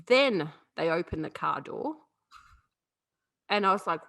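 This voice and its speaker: A woman co-hosting a podcast, telling funny stories in a lively, laughing way and swearing freely. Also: mid-range voice, measured pace, creaky. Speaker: podcast co-host. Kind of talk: casual chat, storytelling.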